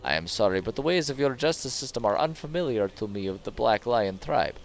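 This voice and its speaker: A man's voice: mid-range voice, animated, a little fast, soft background music, natural voice. A man voicing a proud, worried tribal wife in a video game, reading her lines plainly and earnestly in his own voice.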